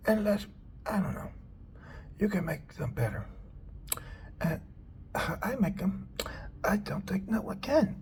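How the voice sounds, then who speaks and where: A man's voice: sits high, very animated, slow pace, pauses often, a little mellow, slight background noise. A man chatting casually and rambling, laughing often and sometimes dropping to a whisper.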